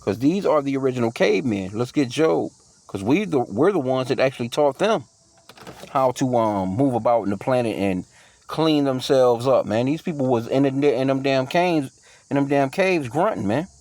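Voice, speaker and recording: A man's voice: medium pitch, lively intonation, moderate pace, darkish tone. Casual man teaching scripture. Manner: reads verses aloud then riffs loosely in slangy speech; profane, with frequent fillers and restarts. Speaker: bible teacher.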